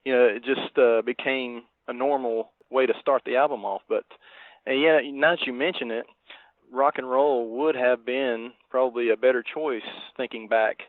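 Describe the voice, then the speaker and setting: A man's voice: mid-range voice, steady tone, normal speed, dry recording. A man cohosting a podcast in casual chat, speaking in a meandering, hesitant way. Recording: dry, tinny phone-like line.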